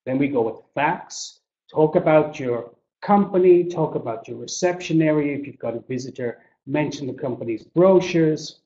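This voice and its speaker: A man giving a business English webinar, explaining points slowly with examples and acting out intonation. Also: on the high side, dark tone. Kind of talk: webinar lecture. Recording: dull lo-fi echoey webinar audio.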